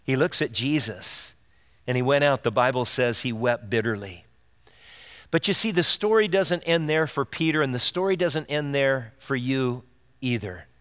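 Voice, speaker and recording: A man's voice: mid-range voice, fairly bright tone, clean tone. A man preaching a sermon as pastor, earnest and direct, asking his listeners rhetorical questions. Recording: long reverb of a large hall.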